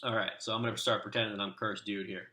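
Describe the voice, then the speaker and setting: A man leading a clan, giving relaxed, rambling commentary with lots of fillers. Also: on the low side, fast talker, roomy sound. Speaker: clan leader and video host. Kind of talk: casual game commentary.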